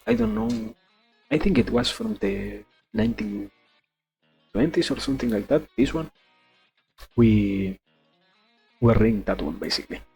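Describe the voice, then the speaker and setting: A man's voice: fairly low pitch, expressive, normal speed, vocal fry, pauses often, darkish tone, faint music behind. Laughing male streamer. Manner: laughing, swearing, joking asides. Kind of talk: casual reading stream with commentary.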